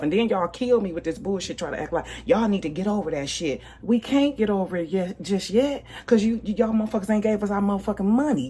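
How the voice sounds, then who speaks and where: A woman in her forties giving a blunt, profane livestream commentary rant, emphatic, with loud bursts and low asides. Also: lively intonation, quick pace, hardly any pauses, husky. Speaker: livestream host.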